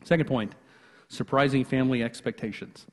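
A man's voice: mid-range voice, steady tone, brisk. A man preaching a sermon as pastor, talking conversationally with asides and restarts. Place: church sanctuary. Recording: long church reverb.

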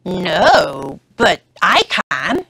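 A woman's voice: on the low side, sing-song, extremely slow, vocal fry, bright, forceful tone, breathy edge, no echo, pitched below the performer's own voice, exaggerated voice. A woman voicing a small frog in a children's storybook, speaking earnestly and simply. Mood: cheerful. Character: small young frog, sad then cheerful.

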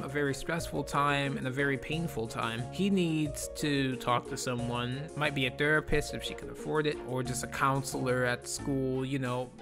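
Profane, exasperated man ranting over music. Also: medium pitch. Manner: profane, blunt and exasperated, repeats himself. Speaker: YouTube commentator. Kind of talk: ranting commentary vlog.

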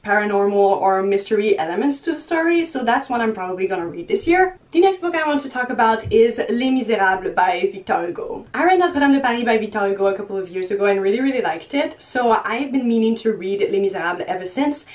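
A woman's voice: medium pitch, expressive, fast, few pauses. Chatty young woman book vlogger, slightly distant. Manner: chatty, often breaks into laughs. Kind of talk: casual chat to camera. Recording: voice a little distant from the mic.

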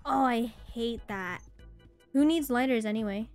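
A woman's voice: a little high, unhurried, over music. A woman streamer reacting to a horror game live, jumpy, squealing and laughing her way through the scares.

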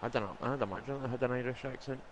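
Scottish guy mid-pitch, swears a lot, banter over the game, noisy recording. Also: very fast. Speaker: gamer. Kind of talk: casual chat while gaming.

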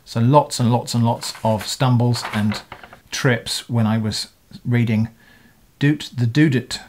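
A middle-aged man chats casually to his camera, answering viewers' comments. He talks in a thoughtful, meandering way, often backing up to fix what he just said. His voice sits at an ordinary middle pitch. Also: little pitch movement, a little slow, darkish tone, slight background noise. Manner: thoughtful, rambling, with frequent self-corrections. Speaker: video creator answering comments.

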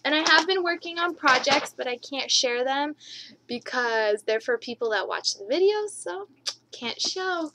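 A young woman gushing excitedly to her camera in a home video, recorded on the camera's microphone. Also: sits high, measured pace, very noisy. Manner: bubbly, gushing. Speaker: vlogger. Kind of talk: excited haul vlog.

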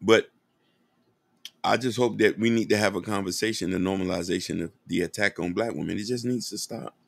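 A man hosts a podcast in a lowish voice with vocal fry, fairly even intonation, and a fairly quick pace. He delivers an earnest, impassioned monologue straight to his listeners, whom he calls "y'all," with no echo in the recording.

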